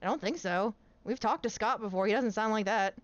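A woman's voice: medium pitch, a little fast, dry recording, lo-fi sound. A woman playing a tabletop game, playful and often laughing. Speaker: player. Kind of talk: casual tabletop play.

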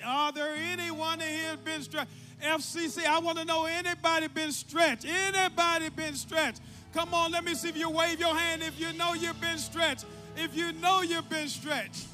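Man church host, call and response, repeats himself, lots of energy, big hall reverb. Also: very high-pitched. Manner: energetic, exhorting, repeats prompts. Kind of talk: call-and-response crowd hype. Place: large church sanctuary. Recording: reverberant hall with faint music.

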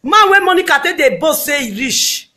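A middle-aged Nigerian woman with a Nigerian Pidgin English accent, ranting dramatically and mockingly, swinging between shouting and muttering. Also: high voice, big pitch swings, normal speed. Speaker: social media commentator. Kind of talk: dramatic gossip rant.

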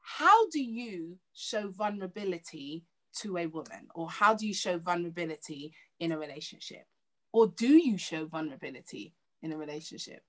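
A woman hosting a casual talk, animated and quick to act out quoted conversations. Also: fairly low pitch. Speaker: host. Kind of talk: casual chat.

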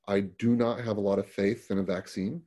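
Husky, mellow-voiced middle-aged man. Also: fairly low pitch, fairly even intonation, moderate pace. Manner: plain-spoken, frequent restarts and repeated words. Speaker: paramedic guest. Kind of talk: conversational storytelling.

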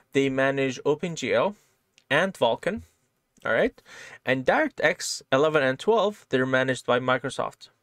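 A man with a mid-range, fairly bright voice gives a screen-share coding lesson, recorded dry at studio quality. He teaches programming casually, step by step, and keeps checking in with "right?".

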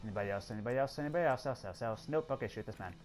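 A man doing casual let's play commentary, excitable, swearing often and talking to the characters on screen. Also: mid-range voice, racing. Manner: excitable, swears a lot, talks to game characters. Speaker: gameplay commentator.

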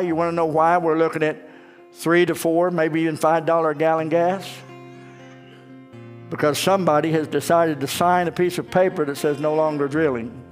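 A man preaching a sermon, telling stories with acted dialogue and pressing urgent appeals. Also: a little high. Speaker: pastor. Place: church sanctuary. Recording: long church reverb.

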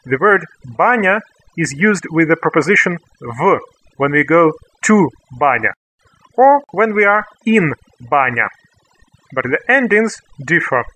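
A man with a Russian accent giving a slow, scripted language lesson, repeating each word clearly for learners. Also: on the high side, sharp tone, poor audio. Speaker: language teacher.

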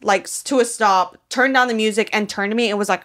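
A woman's voice: medium pitch, quick pace, a bit bright. A young female podcast co-host speaks in an ordinary mid-range voice. Her manner is brash and blunt, with casual swearing.

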